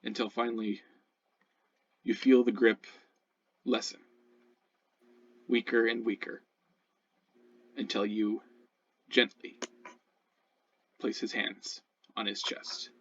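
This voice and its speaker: A man narrating a tabletop game as game master, in a soft, slow way. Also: lowish voice, flat delivery, husky, lo-fi sound.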